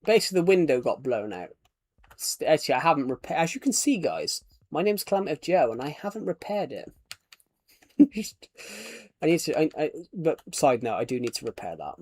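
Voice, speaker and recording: A man's voice: on the high side, big pitch swings, brisk, darkish tone, no room sound. A man chatting casually while streaming a game, rambling and chuckling at his own jokes. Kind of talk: casual gameplay chat.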